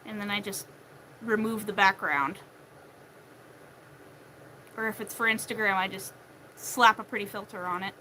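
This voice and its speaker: Young female crafter talking at home; bright tone, faint hiss in the recording. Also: mid-range voice, moderate pace, long pauses, rough recording. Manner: chatty, acts out quotes of family in shifting voices. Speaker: crochet vlogger. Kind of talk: casual chat while crocheting.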